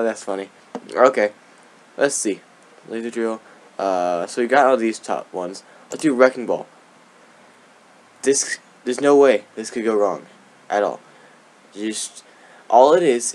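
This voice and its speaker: A young man chats his way through a game with loose, rambling commentary. He giggles between thoughts and drops dry, sarcastic asides. His voice sits at an ordinary middle pitch. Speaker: let's play gamer. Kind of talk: casual gameplay commentary.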